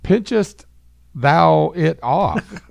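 A man voicing Jesus in mock archaic English, with slow, drawn-out speech as a comic bit. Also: a little high, lively intonation, gravelly, darkish tone, no echo, voice pushed up, exaggerated voice. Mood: mock solemn. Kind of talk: comedic bit in a podcast chat.

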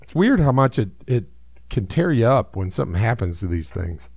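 A man's voice: on the low side, big pitch swings, moderate pace, gravelly, a little mellow, no room sound, clean studio sound. A man co-hosting a casual chat, joking around a lot. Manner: jokey, prone to silly voices.

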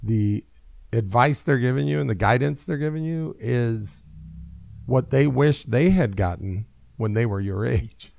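A man's voice: medium pitch, unhurried, gravelly, darkish tone, no room sound. A middle-aged man, a father hosting a talk show, musing in a rambling, self-deprecating way and laughing easily. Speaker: radio show host and father. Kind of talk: casual talk-show chat.

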